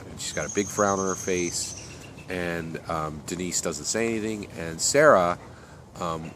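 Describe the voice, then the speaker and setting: Low-voiced man rambling through a story. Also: noisy background. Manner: rambling, many fillers and restarts. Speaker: author telling his story. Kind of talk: unscripted story narration.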